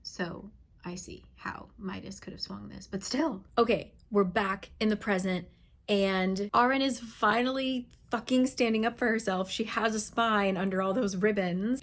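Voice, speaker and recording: A woman chatting casually and bluntly as she reviews a book she is reading, with excitable outbursts and free swearing. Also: mid-range voice.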